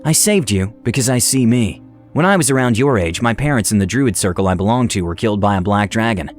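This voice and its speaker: A man speaking as a gentle, protective male druid ranger who consoles a child. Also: on the low side, expressive, fairly quick, faint music behind, close to an everyday voice.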